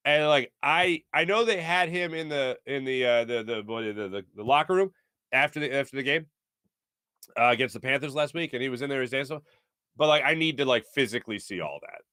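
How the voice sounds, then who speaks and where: A man's voice: medium pitch, no echo, studio quality. A man in his thirties hosting a live sports talk show, reading out viewer comments in a playful, joking way. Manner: playful, animated, jokey.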